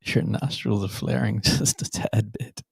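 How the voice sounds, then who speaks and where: Man co-host, husky, dry close podcast mic, loose teasing banter. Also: fairly low pitch, measured pace, dry recording. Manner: teasing, loose, repeats himself. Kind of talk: casual live-stream chat.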